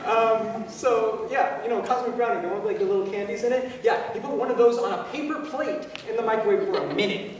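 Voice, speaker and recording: A man's voice: high-pitched, brisk, few pauses, slight background noise. A man in his twenties performing a one-man stage monologue, telling a story in a conversational way with filler words, heard from a distant mic in a large theater hall. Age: 20s. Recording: echoey hall from far off.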